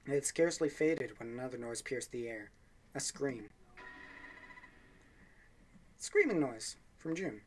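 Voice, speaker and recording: A man's voice: mid-range voice, a little hiss or hum. A young man reading a game's story text aloud for a let's play, with offhand asides and small slips.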